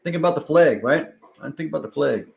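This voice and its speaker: A man's voice: a little high, expressive, a little fast, creaky, soft background music, poor audio. A man hosting a live-stream trivia game, chatting casually and reading out viewers' answers as they come in. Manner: chatty, thinks aloud, reads out viewer answers. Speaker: livestream trivia host.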